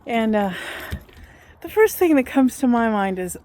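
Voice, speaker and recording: A woman in her fifties casually telling a personal story, animated and acting out what people said. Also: medium pitch, normal speed, slight background noise. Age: 50s.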